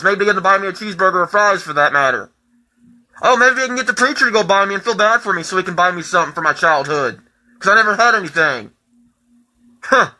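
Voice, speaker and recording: A man in his twenties in a profane, heated personal rant that keeps rising into shouting. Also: high-pitched, fast talker, low-quality recording. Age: 20s.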